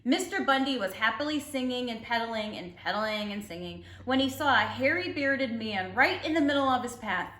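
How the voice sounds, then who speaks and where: A woman teacher reading a storybook aloud to children, expressive and gentle, in a roomy recording. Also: fairly high pitch, moderate pace, hardly any pauses. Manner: expressive and warm toward children. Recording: roomy echo.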